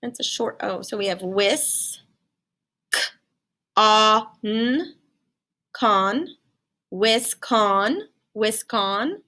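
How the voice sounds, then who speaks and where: A woman's voice: mid-range voice, extremely slow, long pauses, sharp tone. A woman teaching a phonics lesson to children in a singsong, encouraging way. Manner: singsong, encouraging, talks to young learners.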